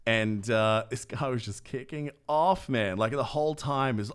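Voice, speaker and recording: A man's voice: medium pitch, moderate pace, hardly any pauses, smooth. A man co-hosting a podcast, telling a story casually and acting out the lines of the people in it. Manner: animated storyteller who acts out other people's lines. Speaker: podcast co-host.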